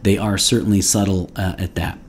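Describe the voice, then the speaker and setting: Man, fairly low voice, casual fragrance review, rambling, joking mock outrage. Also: steady tone, brisk, a little hiss or hum. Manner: rambling, playful mock outrage, many restarts. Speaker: fragrance reviewer, channel host. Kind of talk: casual solo product review.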